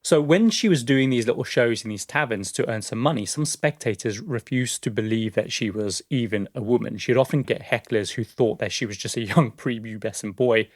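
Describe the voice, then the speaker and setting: A man telling a story on a podcast, easy and chatty. He laughs often and drops casual fillers as he goes. His voice sits at a middle pitch and sounds dry and close. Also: fairly quick, hardly any pauses, no room sound. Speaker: podcast co-host.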